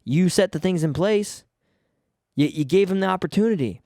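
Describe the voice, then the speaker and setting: A man's voice: sits high, animated, moderate pace, mellow, no echo. Fired-up man ranting on his podcast. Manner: fired-up, swearing, stumbling restarts. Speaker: podcast host. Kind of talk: casual solo podcast rant.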